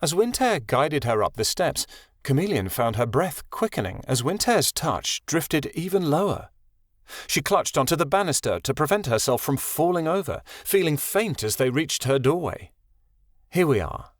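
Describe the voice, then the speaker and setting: Expressive male audiobook narrator. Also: on the high side, normal speed, no room sound, clean studio sound. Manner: expressive storytelling reading. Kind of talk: scripted fantasy audiobook narration.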